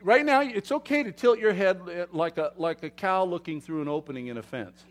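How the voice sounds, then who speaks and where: A man preaching a sermon to his congregation, swinging between loud emphatic declarations and quiet asides, often asking them questions. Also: high voice, lively intonation, a little fast. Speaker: pastor. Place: church sanctuary.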